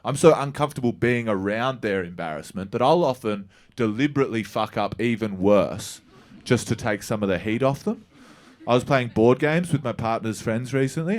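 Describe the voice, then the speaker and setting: A man, telling a rambling, profane stand-up story to a live audience. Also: medium pitch. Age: 30s. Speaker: stand-up comedian. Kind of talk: stand-up set. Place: comedy venue with live audience.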